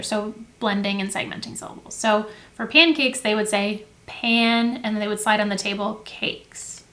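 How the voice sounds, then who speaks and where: Seated indoors at a table with materials, close to the camera, a young woman teacher and education video host chats about classroom activities. Her mid-range voice is a bit bright, and her friendly, casual talk is full of "um" and "like," with frequent self-corrections.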